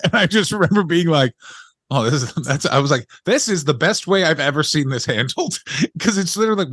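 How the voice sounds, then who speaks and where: Brief: male podcast co-host, mid-pitched, joking and opinionated, dry close mic. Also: lively intonation, fast talker, a bit bright, no room sound. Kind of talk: casual comedic podcast banter.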